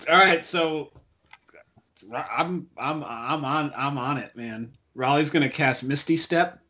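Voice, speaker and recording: A man's voice: on the high side, slow pace, bright, forceful tone, highs cut off. A man playing a tabletop game, chatting casually and joking. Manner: casual, joking, laughs easily. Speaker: player.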